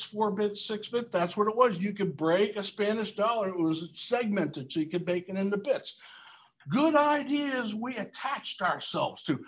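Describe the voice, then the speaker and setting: A man teaching a history class, animated and asking students questions. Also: high voice.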